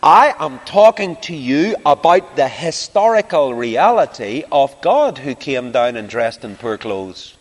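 Lively preacher man in a reverberant hall. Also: medium pitch, a little slow, few pauses. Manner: animated storytelling, rising to emphatic declarations. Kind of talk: sermon. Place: large church or hall before a congregation.

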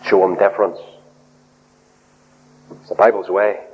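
A man preaching a sermon in an animated way. He swings his pitch up and down, acts out quoted voices and drops in humorous asides. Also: a little slow, breathy edge. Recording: dull lo-fi recording in a reverberant hall.

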